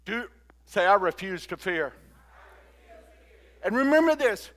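An older man preaching a sermon and leading the congregation in call-and-response, moving between quiet talk and loud exhortation. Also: sits high, sing-song, a little slow. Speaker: pastor.

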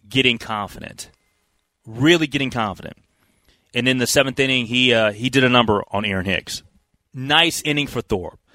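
Energetic male sports radio host. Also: mid-range voice, dry recording. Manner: energetic, chatty, with quick asides. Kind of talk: casual radio sports recap. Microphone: studio microphone.

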